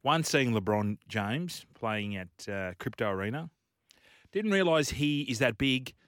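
A man's voice: medium pitch, lively intonation, a little slow, fairly bright tone, no room sound. An Australian man co-hosting a casual radio show on a studio microphone, telling rambling stories and chuckling along the way. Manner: rambling anecdotal storyteller who chuckles mid-story. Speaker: radio co-host.

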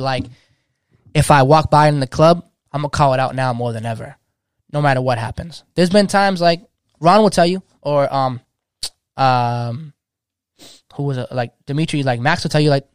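A man's voice: a little high, normal speed, smooth, no room sound, clean studio sound. A man in his thirties, a DJ, talking passionately in casual slang and restarting his sentences often. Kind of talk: casual podcast chat.

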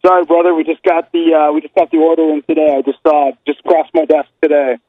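Guy doing a loud old wrestler showman, whoops and calls you brother, kinda dull lo-fi sound. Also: on the high side, level tone, quick pace, breathy edge, no echo. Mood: brash. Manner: brash, hollering woo, calling listener brother. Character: aging pro wrestler, gravelly showman calling a fan.

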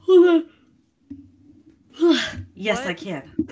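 Woman podcast co-host, teasing interjections, fairly high, lively voice. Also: drawn-out words, slight background noise. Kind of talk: casual banter.

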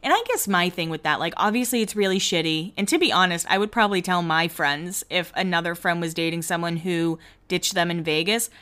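A young woman hosting a casual recap podcast. She talks in a chatty way, full of "like", and acts out the quotes in quick voices. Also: medium pitch, a bit bright. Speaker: podcast host recapping a reality show.

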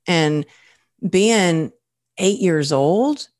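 A woman's voice: low voice, expressive, measured pace. A woman hosting a podcast, talking in an earnest, candid, personal way. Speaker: podcast host. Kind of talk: podcast interview conversation.

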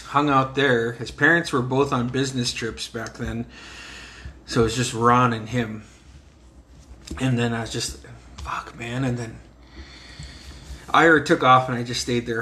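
This guest storyteller, an American man raised on a reservation, laughs his way through crude stories from his childhood and performs the quoted lines. His mid-range voice sounds pushed and bright, and a slight hiss or hum runs under the casual chat.

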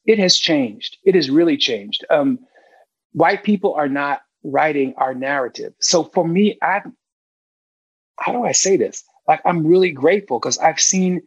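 A man's voice: fairly high pitch, animated, measured pace, breathy edge, no echo, muffled recording. A middle-aged man talking as a guest film director in a casual interview, emphatic and candid, swearing freely.

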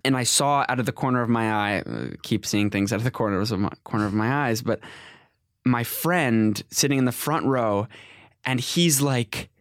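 A man in his twenties, an actor, telling stories from his career in a casual interview, rambling and animated, with many restarts and self-corrections. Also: medium pitch, moderate pace, no room sound, studio quality. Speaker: actor, guest.

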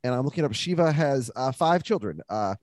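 A man's voice: mid-range voice, no echo. A man hosting a podcast in casual chat, joking and teasing as he runs through a list. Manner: joking, teasing, quick and lively. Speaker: podcast host.

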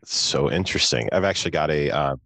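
A man hosting a podcast interview in a relaxed way, with a dry, sarcastic sense of humor. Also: very deep voice, fast, gravelly, no room sound. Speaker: podcast host, coach. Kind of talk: casual conversational interview.

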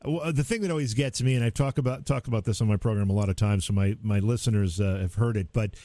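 A man hosting a radio interview, chatting casually and asking questions with an animated delivery. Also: lowish voice, fast talker, no room sound. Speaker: radio host.

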